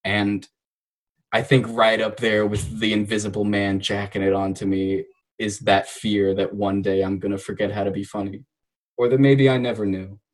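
A young man, a podcast guest, telling personal stories in casual chat, reflective and earnest, with bursts of animated laughter. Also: fairly low pitch, moderate pace, low-quality recording.

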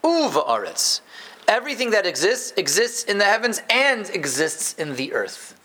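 A man teaching a live Torah class to a group, animated and emphatic, dropping into low asides and playful jokes with his students. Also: normal speed. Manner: animated, emphatic, jumps between loud stresses and low asides.

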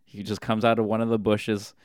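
A man's voice: on the low side, completely flat delivery, a little fast, no room sound, clean studio sound. A man telling a long, rambling comic anecdote, often restarting and correcting himself. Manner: rambling, self-correcting storyteller.

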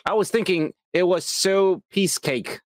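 A man co-hosting a casual podcast, laughing often and chiming in with quick agreement. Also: sits high, dry recording. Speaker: podcast co-host.

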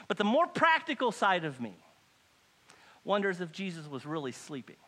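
Male preacher, high bright voice, sermon to a church crowd, hushed then loudly pleading. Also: wildly swooping pitch, normal speed. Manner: dramatic, swings from hushed to loud pleading. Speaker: pastor. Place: church hall with congregation.

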